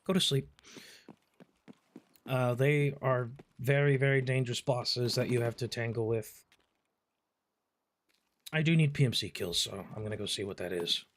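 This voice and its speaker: A man's voice: mid-range voice, normal speed, a little hiss or hum. A man casually commenting on his gameplay, swearing often and telling stories with lots of energy. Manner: profane, animated storytelling. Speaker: gaming streamer.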